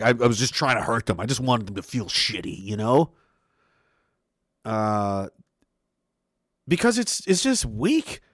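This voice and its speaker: A man's voice: mid-range voice, a bit bright, dry recording, clean studio sound. A man in his thirties talking in a loose, profane, rambling monologue, laughing often and restarting his sentences as a host. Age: 30s.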